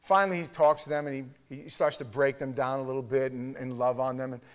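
A man in his fifties from New York preaches in a chatty, rambling storytelling style, full of restarts. His voice sits in an ordinary middle register and climbs into loud, shouted punchlines at the peaks of his stories. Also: mid-range voice, fairly even intonation, fast talker, smooth. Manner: conversational, frequent restarts and fillers. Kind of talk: storytelling sermon.

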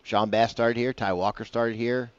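A man's voice: mid-range voice, fairly even intonation, moderate pace, dry recording, lo-fi sound. A man hosting a casual morning golf radio show, rambling and chatty with self-deprecating asides, on a broadcast mic. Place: broadcasting from a bar.

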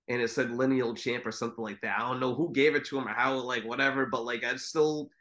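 A man co-hosting a podcast chats casually, rambling, swearing, and mimicking commentators. His medium-pitched voice has fairly even intonation, and he talks fast with a pushed, bright quality.

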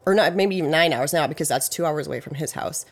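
A relaxed true-crime podcast host rambles quickly in a middle pitch. Plenty of "like" and "you know" fill the talk, and points get hedged with "I think" and "I believe."

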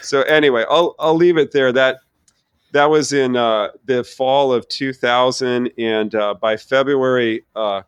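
A middle-aged man, a theology professor, telling his personal faith story in an earnest, animated way with many restarts. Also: mid-range voice, measured pace, clear, resonant tone, no echo. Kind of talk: conversational personal testimony.

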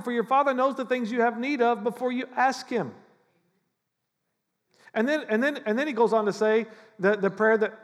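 Male pastor, animated conversational sermon, high voice, reverberant hall. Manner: animated, acts out prayers in mock voices.

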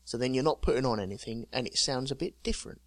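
A man's voice: medium pitch, fast, dry recording. Jokey man telling odd news. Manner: jokey storyteller, reading out news items with chuckles. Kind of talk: casual chat.

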